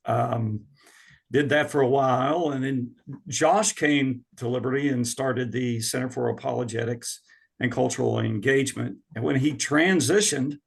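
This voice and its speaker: Man, gravelly voice, professor guest, measured, a little halting. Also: medium pitch. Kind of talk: casual interview.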